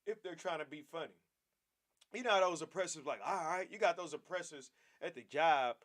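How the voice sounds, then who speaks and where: A man's voice: fairly high pitch, brisk, a bit bright. A man teaching a Bible class in a preaching style, emphatic and repetitive, often calling his listeners "man".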